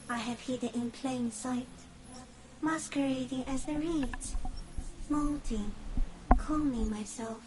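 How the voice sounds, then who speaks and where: An ancient eerie insect creature. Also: female voice, sits high, low-quality recording. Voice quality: soft, drifting, often breathy. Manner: slow, otherworldly, halting phrases. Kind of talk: video game voice acting.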